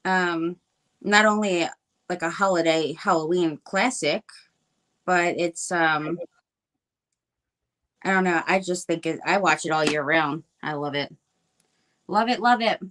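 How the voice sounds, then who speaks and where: A woman's voice: fairly low pitch, a little slow, pauses often, a bit bright. A middle-aged woman chatting casually while she crafts live, rambling with many fillers and restarts. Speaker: crafting livestream guest.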